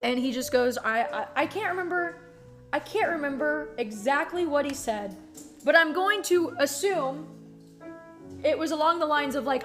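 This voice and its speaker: A young woman streamer telling a story in a casual, animated and profane way, full of "like". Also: sits high, moderate pace, faint music behind.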